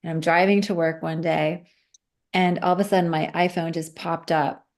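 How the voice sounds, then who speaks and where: A woman's voice: on the low side, moderate pace. A woman guest telling a personal story in a casual chat, acting out the voices of the people in it. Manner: animated, acts out quoted voices.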